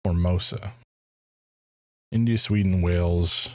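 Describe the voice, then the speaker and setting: A man's voice: low voice, steady tone, takes it slowly, dark tone, no echo, clean studio sound. A man streaming a first playthrough of a detective game, thinking aloud in a hesitant way with frequent restarts. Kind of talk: casual live game commentary.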